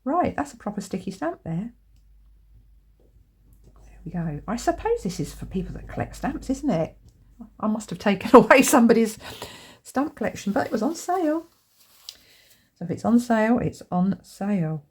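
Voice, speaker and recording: A woman hosting a crafting video, chatting casually to camera and getting excited over her materials, with lots of tag questions. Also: a little high, normal speed, breathy edge. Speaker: crafting channel host.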